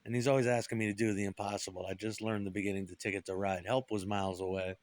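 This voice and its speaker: Middle-aged man, rambling profane monologue, low-ish voice, dry recording. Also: flat delivery, quick pace, dry recording. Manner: profane, bitter, puts on voices for quoted people. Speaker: guitarist.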